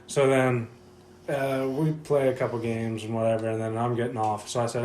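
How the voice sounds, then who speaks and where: A man's voice: medium pitch, flat delivery, normal speed, darkish tone. Young male podcast co-host, crude, laughing storyteller, roomy echoey room. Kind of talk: casual chat. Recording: roomy echo, faint noise.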